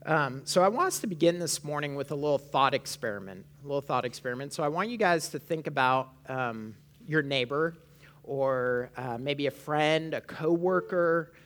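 A woman's voice: deep voice, lively intonation, moderate pace. A woman from Canada, preaching a sermon in church on a microphone, talking conversationally and often checking in with "right?". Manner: conversational, frequent "right?" asides to the congregation. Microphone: amplified microphone.

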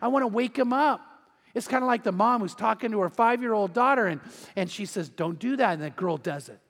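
Man, high voice, preaching, long hall reverb, conversational sermon with acted-out quotes. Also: brisk, fairly bright tone. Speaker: pastor.

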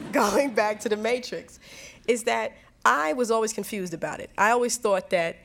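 A woman's voice: fairly high pitch, moderate pace, vocal fry, fairly bright tone. A woman from New Jersey, a singer and songwriter being interviewed, telling stories earnestly with frequent restarts and laughs. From New Jersey, USA. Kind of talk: reflective conversational storytelling.

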